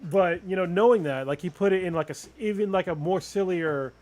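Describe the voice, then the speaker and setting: High-voiced man ranting casually. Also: a little fast, faint music behind. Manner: profane, animated ranting. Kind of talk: casual chat.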